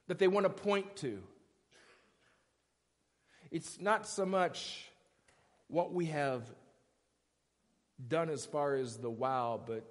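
A male pastor preaching a sermon in a conversational, emphatic way, often stopping to ask questions. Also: high voice. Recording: echoey church hall.

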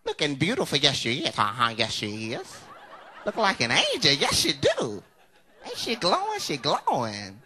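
A catty old church grandmother, put on by a male comedian, her voice swinging wildly up and down as she gossips. She is sweet to faces and sharp behind backs. The live stage recording carries a clear layer of noise. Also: fairly high pitch, huge pitch swings, moderate pace, pitched below the performer's own voice, exaggerated voice. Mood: gushing. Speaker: stand-up comedian.

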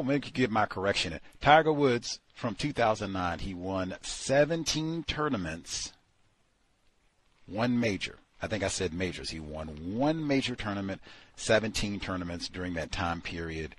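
A man with a low, husky voice hosts a talk program. He is blunt and dismissive and circles back to the same points again and again. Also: a bit bright, no echo. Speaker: radio show host. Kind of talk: casual critical commentary.

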